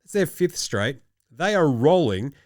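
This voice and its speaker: A man's voice: on the high side, sing-song, a little slow, a little mellow, no room sound, studio quality. A young Australian man hosting a casual basketball show, joking as he rattles off stats. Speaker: host. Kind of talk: casual chat.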